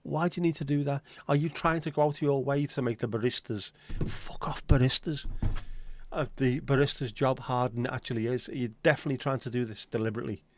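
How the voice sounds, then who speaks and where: A man's voice: mid-range voice, fairly even intonation, fast talker, few pauses, a little mellow. A man, hosting a casual livestream chat with sweary, sardonic rants. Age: 50s. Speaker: livestream host.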